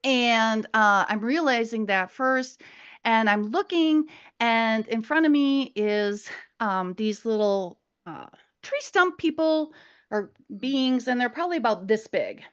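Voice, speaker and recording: A woman's voice: on the high side, lively intonation, takes it slowly, smooth, muffled recording. A middle-aged woman, a podcast guest, telling a story in a chatty way, with laughs and many asides. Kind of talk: casual storytelling chat.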